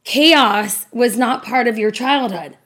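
A woman's voice: fairly high pitch, slow, a bit bright. A woman co-hosting a casual podcast chat, emotional and blunt, swearing freely as she talks. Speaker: podcast co-host.

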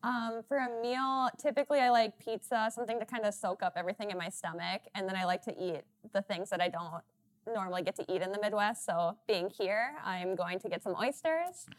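Quick-talking woman from Minnesota. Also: medium pitch. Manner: quick, laughing, self-deprecating. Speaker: runner guest. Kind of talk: casual panel talk.

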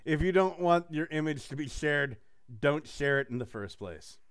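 A man's voice: on the high side, animated, normal speed, clean tone. A man hosting a podcast, talking in a rambling, casual way, laughing often and swearing freely. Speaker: podcast host. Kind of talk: casual chat.

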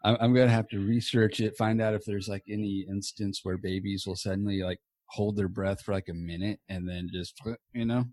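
A man hosts a podcast from a small home office, rambling in a loose, casual way and dropping the odd swear word. His voice sits a little low. The sound is dry and close, with no room echo. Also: fairly even intonation, fairly quick, darkish tone. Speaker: podcast host. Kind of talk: casual chat. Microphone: earbuds.

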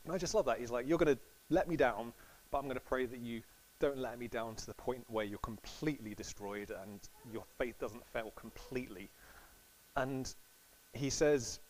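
A man's voice: medium pitch, moderate pace, darkish tone, slight background noise, rough recording. A man giving a casual, chatty sermon to a congregation, acting out quotes with laughs. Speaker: preacher.

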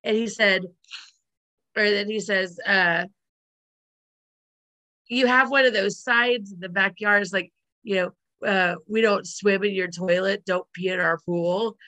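A woman's voice: mid-range voice, fairly even intonation, unhurried, long pauses, sharp tone. A woman casually retelling a sitcom episode, rambling with fillers and giggling often. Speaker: podcast co-host recapping a sitcom episode. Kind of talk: casual chat.

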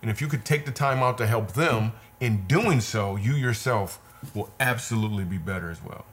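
A man with a fairly low voice tells a personal story in an interview. He talks in an earnest way, repeats words for weight and retells scenes vividly. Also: moderate pace, a bit bright. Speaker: comedian guest. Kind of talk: conversational storytelling.

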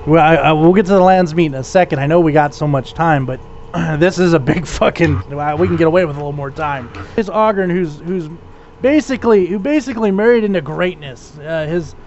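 A man with a notably high voice talks in a rambling, profane way and often restarts mid-sentence. It is casual podcast chat. The recording is dull and lo-fi, with faint background noise. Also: fairly quick, a little mellow.

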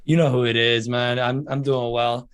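A man's voice: medium pitch, fairly even intonation, normal speed, smooth, dry recording, studio quality. A man co-hosting a casual sports podcast, laid-back and supportive, often chiming in with short agreements. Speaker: podcast co-host.

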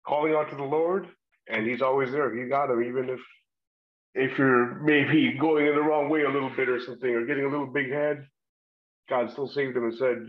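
A man's voice: mid-range voice, brisk. Regular guy talking through scripture, kinda muffled lo-fi audio, easygoing. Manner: relaxed, rambling, with frequent fillers and laughs. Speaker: podcast co-host leading a Bible discussion. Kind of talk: casual Bible study chat.

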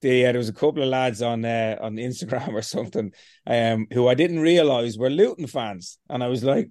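A man talks as a podcast guest, animated and blunt, swearing freely as he acts out his own inner talk. His voice sits at an ordinary middle pitch. It is recorded dry, with no room sound. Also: brisk, no room sound. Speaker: interview guest. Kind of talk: casual storytelling.

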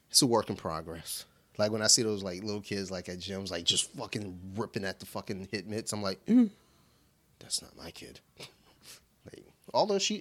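A low-pitched man with a bright, forward tone, chatting loosely on a podcast over beers. He swears often and drifts into his young daughter's lines when he tells stories. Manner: laid-back, swears freely, quotes his daughter in voices. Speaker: podcast co-host. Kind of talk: casual chat over beer.

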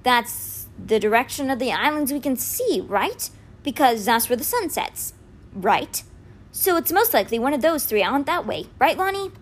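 A woman's voice: high-pitched, lively intonation, moderate pace, voice pushed up. A woman voicing a joking, confident young boy in a raised, playful voice.

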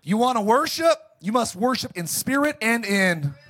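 High, husky-voiced preaching man. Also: sing-song, moderate pace, fairly bright tone. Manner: jokey, calls for congregation responses. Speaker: pastor. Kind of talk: sermon.

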